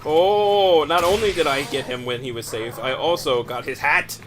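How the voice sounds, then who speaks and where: A man's voice: medium pitch, fairly quick, over music. A man playing a video game and chatting playfully with friends, teasing them as he goes. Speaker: player at the controls. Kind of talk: casual gaming chat.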